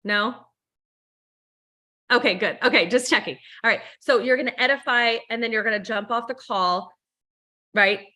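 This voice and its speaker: A woman's voice: fairly high pitch, moderate pace, long pauses, bright, forceful tone. A woman leading a sales training over a video call, upbeat and coaching, often acting out sample phone calls. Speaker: team leader and trainer.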